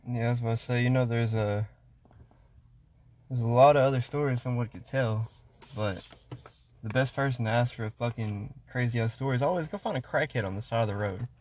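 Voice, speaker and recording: A man's voice: mid-range voice, a little fast, darkish tone. A man co-hosting a podcast, chatting bluntly and with plenty of swearing. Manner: profane, blunt. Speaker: podcast co-host. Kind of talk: casual chat.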